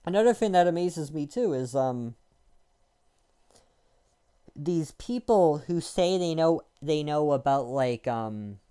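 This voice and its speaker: A man's voice: fairly high pitch, animated, takes it slowly, long pauses, warm tone, clean tone. A young man rants in a casual monologue, irritated and rambling, swearing often and restarting his sentences. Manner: irritated, rambling, crude, with frequent restarts and filler.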